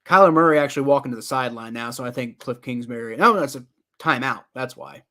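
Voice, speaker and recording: A young man giving casual live play-by-play reaction to a football game, rambling with many fillers and getting loud and exasperated at times. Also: medium pitch, fast. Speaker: sports reaction streamer.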